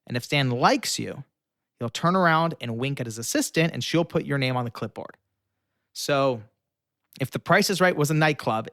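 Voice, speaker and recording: Animated young man telling a story. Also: mid-range voice, brisk, dry recording, studio quality. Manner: animated storyteller, acts out quoted lines. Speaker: guest. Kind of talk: storytelling in an interview.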